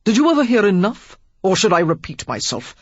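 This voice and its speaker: A woman's voice: mid-range voice, sing-song, brisk, no room sound, dull audio, voice pushed up. A woman doing a scowling, curt lord. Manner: curt, clipped demands. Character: stern, scowling aristocratic lord, short-tempered.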